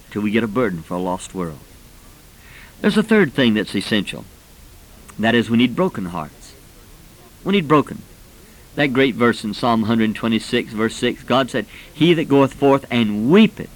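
Middle-aged male preacher, fervent sermon delivery, mid-pitched voice that climbs when stirred. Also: poor audio. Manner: fervent, with impassioned rising pitch.

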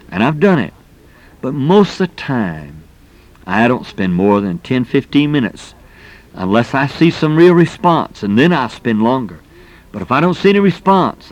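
Folksy, emphatic male preacher. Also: mid-range voice. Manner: folksy and emphatic, exclamations of "man". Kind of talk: sermon.

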